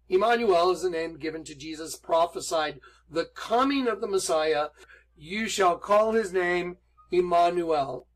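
A man teaching from the Bible in an emphatic preaching style, reading verses aloud slowly. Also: high-pitched, low-quality recording.

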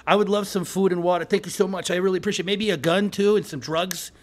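A man putting on a crude, cocky Brooklyn Italian wise-guy character with a Brooklyn accent, teasing and bantering loudly in game voice chat. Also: high-pitched, fairly even intonation, quick pace, natural voice. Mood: rowdy. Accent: put-on Brooklyn New York. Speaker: roleplay troll.

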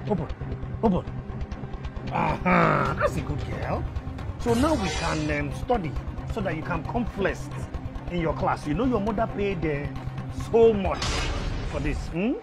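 A man's voice: on the high side, lively intonation, a little slow, creaky, long pauses. An actor playing an abusive male tutor who talks in a coaxing, threatening way in a skit. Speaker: private tutor. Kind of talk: skit acting. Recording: music bed under voice.

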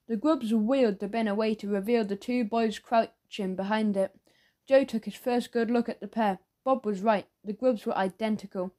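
A woman reads a children's audiobook aloud in a playful, expressive storytelling style. Her voice sits a little high, and she keeps a normal pace.

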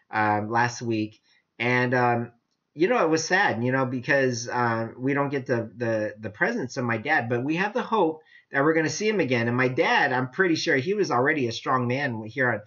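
A man preaching a casual sermon, animated and chatty, often laughing as he talks. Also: medium pitch. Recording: dull lo-fi sound.

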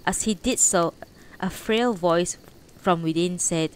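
A woman's voice: fairly low pitch, slow pace, slight background noise, rough recording. A woman reading a novel aloud on a livestream, unpolished, correcting her slips as she goes. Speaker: audiobook reader on a livestream.

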